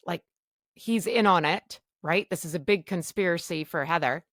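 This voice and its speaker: A woman's voice: fairly low pitch, a little slow, fairly bright tone, dry recording, clean studio sound. A woman hosting her own podcast, telling a personal story in a frank, emotional way and swearing freely. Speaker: podcast host.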